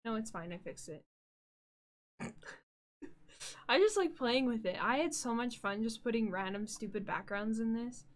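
Woman, streamer, fairly high voice, bubbly, easily distracted, casual live-stream chat, home room. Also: animated, moderate pace, pauses often. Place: home room with green screen.

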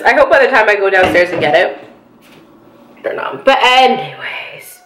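A young woman hosting a mukbang eating show, chatting casually in a bubbly, giggly and loud way. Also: mid-range voice, very animated, moderate pace, long pauses, a little hiss or hum. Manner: bubbly, giggly, talks loudly. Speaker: mukbang host. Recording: echoey room.

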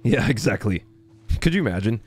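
A man's voice: lowish voice, lively intonation, fairly quick, a little mellow, husky. A young man chatting casually on a live game stream, thanking viewers by name and laughing often.

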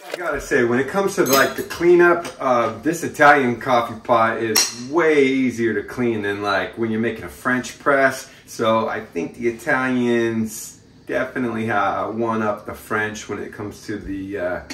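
A man hosting a casual how-to video, talking viewers through each step in his kitchen in a relaxed, chatty way. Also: mid-range voice, a little slow, echoey room, far from the mic, a little hiss or hum. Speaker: host of a how-to channel. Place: kitchen indoors.

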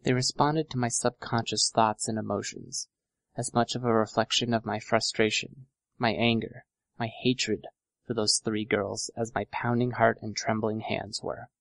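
A man narrating a first-person audiobook in a steady, measured reading. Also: fairly low pitch, creaky, no echo.

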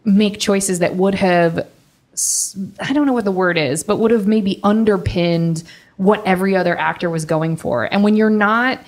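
A woman's voice: medium pitch, normal speed, a little mellow. A woman guest on a podcast, talking animatedly and with exasperation about a movie, laughing often. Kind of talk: casual film discussion.

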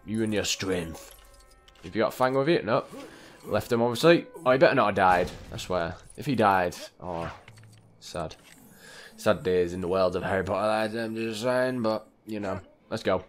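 A young man talks over a game in a low voice, chatty and quick to exclaim at what happens on screen. Faint game music plays underneath him. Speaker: gameplay commentator. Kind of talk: casual let's-play commentary.

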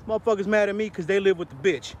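A high-pitched man rants in a casual street vlog, full of streetwise slang and profanity. He is recorded outdoors on a city street, with loud traffic noise around him. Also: racing. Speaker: vlogger.

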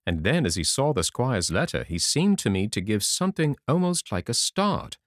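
Expressive male storybook narrator. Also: mid-range voice, moderate pace, no room sound, clean studio sound. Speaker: audiobook narrator. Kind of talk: storybook reading.

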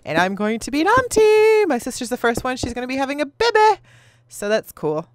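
Playing a game on video, a female host in her thirties chats casually, laughs a lot, and tells rambling stories. She speaks briskly in a high, sing-song voice, recorded with studio quality and no echo.

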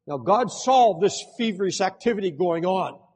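A man's voice: high voice, lively intonation, normal speed, darkish tone, husky. An older man preaching a fervent sermon as pastor, speaking directly to his congregation. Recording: long hall reverb.

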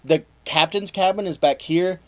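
A man hosting a comedy history podcast, explaining the story in a relaxed, dry-humored way. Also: high voice, moderate pace. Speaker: podcast host telling the story. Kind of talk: casual storytelling chat.

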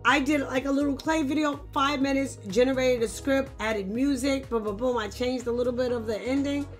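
A woman demonstrating software in a casual tutorial, bubbly and quick to exclaim. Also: sits high, faint music behind. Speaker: content creator demonstrating software. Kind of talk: casual screen-recorded tutorial.

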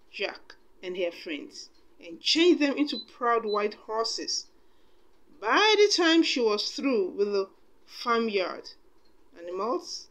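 A woman's voice: mid-range voice, fairly bright tone. A woman reading a storybook aloud expressively, with chatty asides to her listeners.

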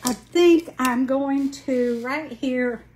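Working on crafts during a casual livestream, a Southern Alabama woman in her late sixties chats in a folksy way and calls out viewers by name. She speaks extremely slowly in a high, slightly mellow voice.

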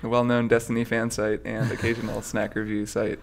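Guy cohosting a podcast, gravelly voice, joking around, casual. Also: lowish voice, completely flat delivery, fairly quick, a little hiss or hum. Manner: playful, joking. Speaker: podcast co-host. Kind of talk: casual chat.

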